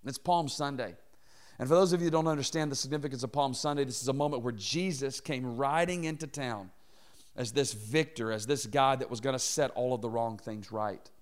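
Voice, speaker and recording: A man's voice: mid-range voice, brisk. A man in his thirties preaching, telling a comic personal story and acting out the quotes in funny voices. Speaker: pastor. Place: church auditorium.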